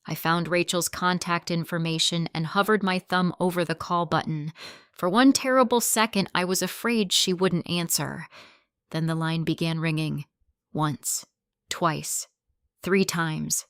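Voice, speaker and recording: A woman reading a first-person family drama story aloud in a measured, emotional storytelling manner. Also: on the low side, fairly bright tone, clean tone, dry recording, clean studio sound.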